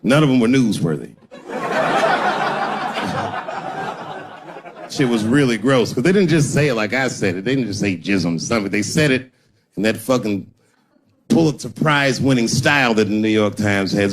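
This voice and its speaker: Man doing profane stand-up, lively pitch. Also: moderate pace, long pauses. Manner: profane storytelling, acts out voices. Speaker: stand-up comedian. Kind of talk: stand-up comedy set. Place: stage before a live audience. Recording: live show with audience noise.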